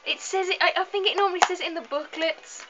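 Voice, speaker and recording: A woman's voice: extremely high pitch, steady tone, quick pace, over music. A young woman, tired, chatting casually through a game video and joking at her own stumbles over hard words. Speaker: let's play host. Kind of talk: casual gameplay commentary. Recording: slightly dull lo-fi recording.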